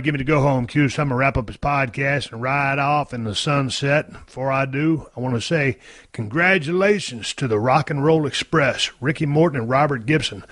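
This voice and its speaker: A man's voice: mid-range voice, a bit bright, no echo. A middle-aged man, hosting a podcast in a folksy, rambling way and swearing casually. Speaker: podcast host. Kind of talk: casual podcast talk and ad reads.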